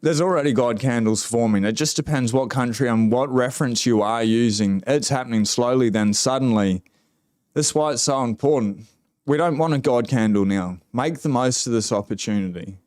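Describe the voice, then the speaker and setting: Australian man, casual livestream host, laid-back and slangy, smooth voice, dry close sound. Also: mid-range voice, moderate pace, darkish tone, dry recording. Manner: laid-back, drawling, slangy, with many fillers. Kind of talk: casual livestream chat reading comments.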